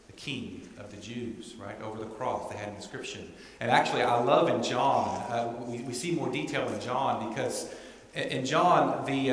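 Male pastor, mid-pitched, preaching a chatty sermon in a reverberant sanctuary. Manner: conversational, often asks "right?". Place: church sanctuary. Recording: echoey church hall.

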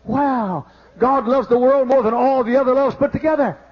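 A man preaching a fiery sermon as pastor, exclaiming and shouting praise. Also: extremely high pitch, normal speed. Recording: dull lo-fi archive sermon tape.

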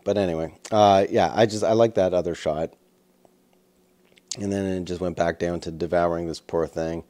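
A man's voice: deep voice, warm tone. A man, a wildlife photographer, casually talking through his photos and camera settings in a rambling, easygoing way with plenty of fillers. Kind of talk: casual commentary over photos.

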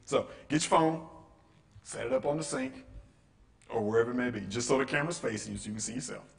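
Animated man teaching a live audience. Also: mid-range voice, quick pace, vocal fry. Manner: animated, acts out quotes and asks rhetorical questions. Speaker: workshop speaker. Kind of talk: interactive teaching talk. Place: church room with a live audience.

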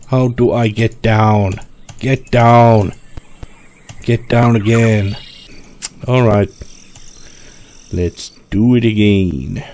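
A man with a low voice narrates his game in a slow, drawn-out way. He mutters to himself, swearing often. A faint hiss sits under the recording. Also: mellow. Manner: frustrated, swearing, talking to himself. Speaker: gameplay streamer. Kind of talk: let's play commentary.

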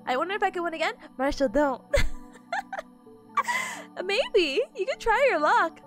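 Giggly high-voiced woman streamer. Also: wildly swooping pitch, slow pace, faint music behind. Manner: giggly, chatty, greets chat warmly and often. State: sleepy. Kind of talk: casual live-stream chat with viewers.

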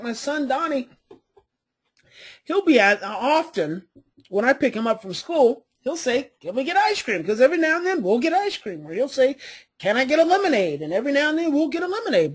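Husky-voiced woman coaching parents. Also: high-pitched. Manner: storytelling with family anecdotes, emphatic repetition. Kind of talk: coaching class talk.

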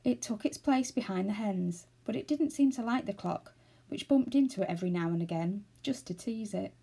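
A woman reading a children's novel aloud, steady and expressive. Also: medium pitch, normal speed, creaky, husky. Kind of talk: storybook read-aloud.

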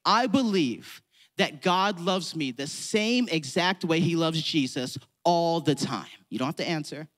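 A man's voice: sits high, fairly bright tone. A man preaching a sermon to a church congregation, conversational and playful, acting out mock prayers. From California. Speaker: pastor.

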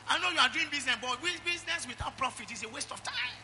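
A middle-aged Nigerian-accented man preaching a sermon in church, calling out to the congregation and swinging from loud exhortation to quiet asides. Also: extremely high pitch, quick pace, a little hiss or hum. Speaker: pastor.

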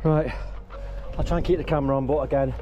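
Over soft background music, a man with a slightly high, steady, dark-toned voice talks quickly, the highs cut off. He's a hiking vlogger on a rocky mountain, cold and straining as he climbs, giving breathless on-the-go commentary to an action camera held in hand or mounted on his body. He stays chatty, pokes fun at himself, and lets out exclamations mid-climb.

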